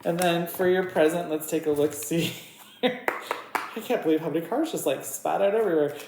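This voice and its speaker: It's an echoey room with faint noise, where a woman reads tarot in a relaxed, chatty way, giggling and talking to her cards. Her voice is fairly low in pitch and her pace is normal.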